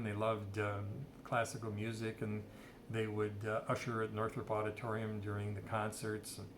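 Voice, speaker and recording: A man's voice: lowish voice, noisy background. A middle-aged man casually telling a rambling personal story and quoting people's dialogue. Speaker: storyteller sharing personal history.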